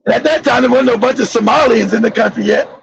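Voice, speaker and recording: Stream host, man from Los Angeles, very high gravelly voice, profane blunt delivery, slightly dull lo-fi audio. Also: quick pace, slight background noise. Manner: profane, blunt storytelling with laughs. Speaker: channel host. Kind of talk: live-stream monologue.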